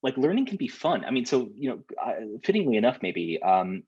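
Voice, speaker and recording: Halting man leading a video-call seminar. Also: mid-range voice, sing-song, darkish tone, husky, dull audio. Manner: hesitant, lots of fillers and restarts. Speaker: workshop leader.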